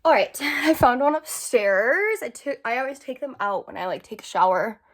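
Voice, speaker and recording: A woman's voice: high-pitched, animated, normal speed. A woman in her twenties, a beauty vlogger chatting casually as she does her makeup and tells a story, saying "like" a lot. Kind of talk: casual chat.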